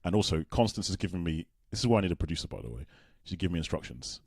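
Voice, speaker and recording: A man, chatting casually as a podcast host, animated and quick with asides. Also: low-pitched, slightly rough, no echo, clean studio sound. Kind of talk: casual chat.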